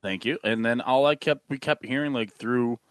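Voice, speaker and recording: A man's voice: medium pitch, normal speed, fairly bright tone, smooth, no room sound. A man co-hosting a sports podcast, talking in a blunt, profane, ranting way. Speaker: podcast co-host. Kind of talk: casual sports chat.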